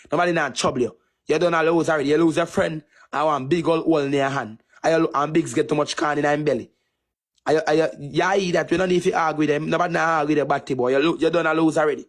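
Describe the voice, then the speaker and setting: Jamaican guy going off on a live stream, kinda high voice, taunting and repeating himself. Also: steady tone, fast talker. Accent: Jamaican Patois. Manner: repetitive, taunting, heated. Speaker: TikTok streamer. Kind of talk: angry insult rant on a live stream.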